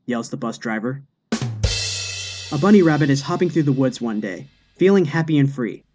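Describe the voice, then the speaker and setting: A man reading jokes aloud in a steady, deadpan narration. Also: mid-range voice, moderate pace. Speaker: joke narrator.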